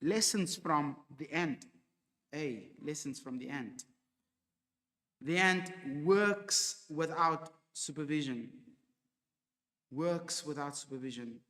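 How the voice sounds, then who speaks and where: A man's voice: a little high, takes it slowly, pauses often, a bit bright. A man preaching a sermon in an emphatic, rebuking manner, with many fillers and restarts. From South Africa. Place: church hall. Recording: hall reverb from a church.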